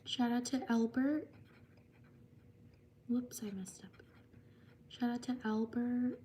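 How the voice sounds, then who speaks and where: Slow, flat-voiced woman streamer. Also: on the high side, slight background noise. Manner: slow, even reading of viewer names. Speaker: livestream host. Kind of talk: live stream shout-outs.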